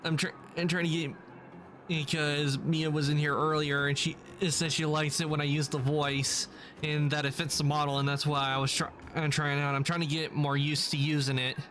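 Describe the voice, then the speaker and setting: A man's voice: on the high side, little pitch movement, moderate pace, a bit bright, slight background noise. A man livestreaming and chatting casually with viewers, rambling and correcting himself.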